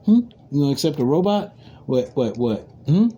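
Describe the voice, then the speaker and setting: A man's voice: a little high, very animated, a little fast, dark tone, slight background noise. A man riffing alone on his podcast, rambling, repeating himself, laughing often and cursing freely. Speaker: podcast host. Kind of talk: casual podcast monologue.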